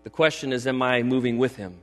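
A middle-aged male pastor with a fairly bright, mid-range voice preaches briskly in a church sanctuary over soft background music. He's emphatic and chatty, often checking in with the congregation, while long hall reverb and mains hum fill the recording.

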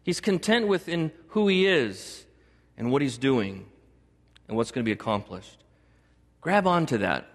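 A middle-aged man preaching a sermon to a congregation as pastor, animated, joking and acting out little dialogues. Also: a little slow, pauses often, big-room sound. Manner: animated, acts out dialogue with God in a higher voice; jokes and laughs with the congregation.

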